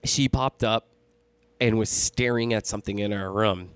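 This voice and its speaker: A man's voice: fairly low pitch, moderate pace, clean tone, dry recording. Profane man telling a spooky story. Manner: profane, animated storytelling, laughs often. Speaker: podcast co-host. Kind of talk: casual chat, storytelling.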